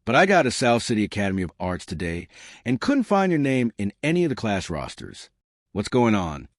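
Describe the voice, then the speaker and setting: A man's voice: on the low side, wildly swooping pitch, a little fast, dry recording, clean studio sound. A man voicing a flustered, clingy young woman who rambles and pleads defensively. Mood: anxious.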